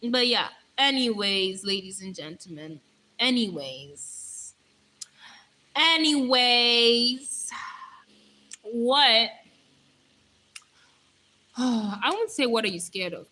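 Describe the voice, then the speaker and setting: A young woman chatting casually on her live stream, rambling playfully and answering viewer comments, her voice going hoarse. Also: mid-range voice, a bit bright, poor audio.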